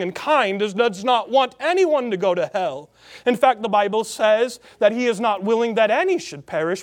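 A man from the Salt Lake Valley preaching a sermon, stressing his points by slowing down and repeating phrases. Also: sits high. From Salt Lake Valley, Utah. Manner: emphatic preaching with slow, drawn-out repeated phrases.

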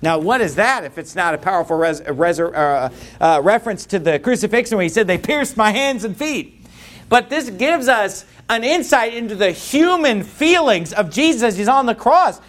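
A man delivers a sermon with a voice pitched high for a man. His delivery is animated, rising and falling widely as he reads scripture and explains it. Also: moderate pace. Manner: impassioned, reads scripture aloud in King James wording. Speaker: preacher.

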